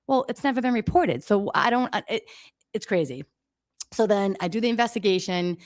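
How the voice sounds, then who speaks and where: A woman's voice: medium pitch, expressive, brisk, no echo, studio quality. A middle-aged woman, a daycare owner, telling her story on a radio interview in an emphatic, exasperated way, acting out the exchanges.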